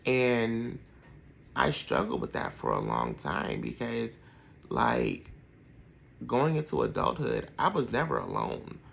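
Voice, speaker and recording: Gravelly man in his thirties reminiscing. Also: medium pitch, a bit bright, low-quality recording. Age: 30s. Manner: heartfelt, rambling with many fillers. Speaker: podcast host. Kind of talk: personal reflective storytelling.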